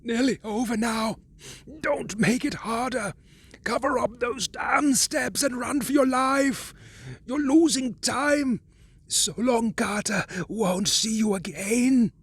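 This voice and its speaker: A man's voice: slow pace, slightly rough, heavily acted. A man doing Warren, a panicked trapped man. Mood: resigned. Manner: frantic, high and strained, shouting and whispering. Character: terrified trapped man pleading from below ground.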